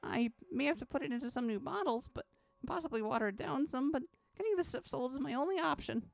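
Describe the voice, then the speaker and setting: A woman streamer reading game text aloud in an expressive, dramatic way, with sudden high exclamations. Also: fast talker, gravelly, no room sound.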